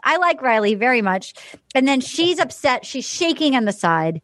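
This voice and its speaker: Animated high-voiced woman podcast host. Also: normal speed, no echo. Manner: animated, acts out quotes with big pitch swings. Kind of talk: casual chat.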